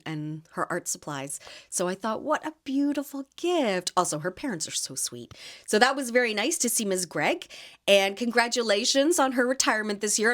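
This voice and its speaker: Chatty woman telling market stories. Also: mid-range voice. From Canada. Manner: chatty, animated storytelling with laughs and many "like" fillers. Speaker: podcast host and market vendor. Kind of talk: casual chat.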